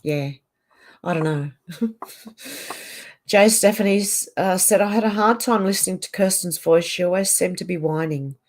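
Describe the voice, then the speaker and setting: A woman's voice: lowish voice, moderate pace, pauses often. A middle-aged Australian woman chatting casually from her home on a livestream, reading out and answering viewer comments. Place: home on a mountain.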